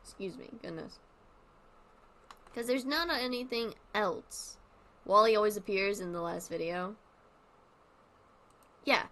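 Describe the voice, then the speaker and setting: Rambling woman streamer thinking aloud. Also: fairly high pitch. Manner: rambling, thinking out loud with many fillers. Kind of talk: casual commentary while playing.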